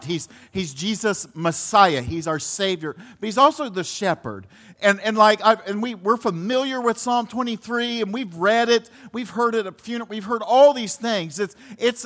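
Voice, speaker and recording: A man with a fairly high voice delivers a sermon in an easy, conversational way. He circles back and repeats himself as he hunts for the words, and drops in a few small laughs. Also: a bit bright. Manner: conversational preaching with many restarts and laughs. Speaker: pastor.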